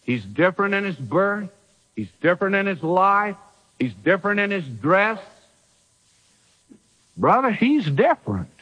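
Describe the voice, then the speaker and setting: A man's voice: high voice, very animated, unhurried, long pauses, pushed and bright. A man preaching a sermon, emphatic and full of rhetorical questions.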